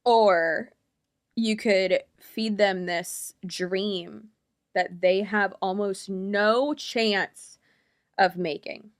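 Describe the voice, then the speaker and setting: A woman commentator reacts to a clip with blunt, opinionated talk. She rambles and leans on fillers, and her voice sits at a middle pitch. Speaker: commentary YouTuber.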